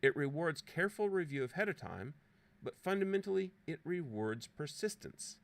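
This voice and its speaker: Theatrical man narrating with gravelly lows. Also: big pitch swings, normal speed. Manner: playfully dramatic, theatrical exclamations. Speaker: presenter demonstrating a teaching app. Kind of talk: scripted mock-heroic narration of a walkthrough.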